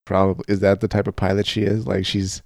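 A man's voice: low-pitched, monotone, quick pace, vocal fry, no room sound, clean studio sound. A man co-hosting a casual podcast, joking and laughing often, with playful mock-dramatic asides. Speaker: co-host.

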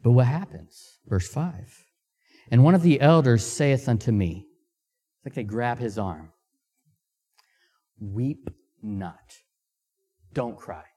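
Slow, deliberate male preacher. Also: mid-range voice, animated, warm tone. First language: Amharic. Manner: reads scripture aloud, then asks the congregation questions; slow, deliberate pacing with emphatic pauses. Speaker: missionary preacher. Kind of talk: sermon.

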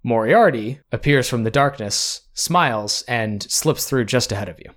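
A man narrating as game master of a tabletop role-playing game, describing scenes in a calm, storytelling way. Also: mid-range voice, moderate pace.

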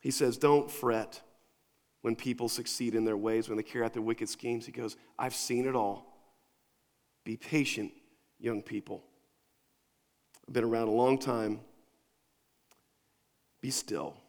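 A male pastor preaching a sermon in a casual, conversational way, moving between quiet asides and emphatic points. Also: medium pitch, steady tone, unhurried, pauses often. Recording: long reverb of a large hall.

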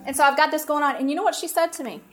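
Lady with a high voice, telling her audience a story, lively and emphatic. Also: very fast. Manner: animated, emphatic, talks straight to listeners. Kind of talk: personal anecdote told to an audience.

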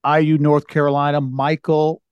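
Halting podcast host, dry sound. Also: male voice, on the high side, little pitch movement, clean tone, no echo, dull audio. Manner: halting, many "uh" pauses. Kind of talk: casual interview.

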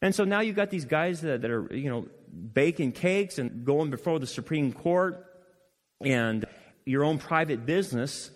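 Fervent male preacher, direct and animated, voice pitched a little high, ringing in a reverberant sanctuary. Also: moderate pace. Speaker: pastor. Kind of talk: sermon. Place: church sanctuary.

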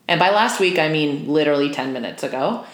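A woman's voice: low voice, expressive, fairly quick. A young woman co-hosting a podcast, chatty and playful, recorded in a sparse apartment. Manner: chatty and playful, rambling with fillers. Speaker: podcast co-host. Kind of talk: casual podcast chat. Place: sparse, empty apartment room. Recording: echoey empty room.

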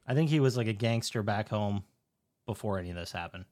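A man's voice: fairly low pitch, expressive, fast, darkish tone, dry recording. A man co-hosting a podcast, chiming in casually with short reactions and opinions. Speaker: podcast co-host. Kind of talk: casual chat.

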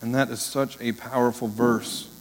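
A man's voice: medium pitch, steady tone, normal speed. Earnest male pastor preaching in a reverberant hall. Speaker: interim pastor. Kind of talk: sermon.

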